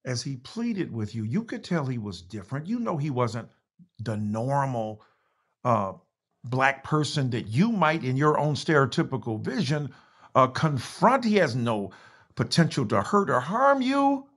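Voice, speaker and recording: A man's voice: medium pitch, very animated, unhurried, fairly bright tone, breathy edge. An American man in a video call, reading aloud in an impassioned, emphatic way and stopping to apologize. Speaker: guest author. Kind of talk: reading aloud in a virtual talk.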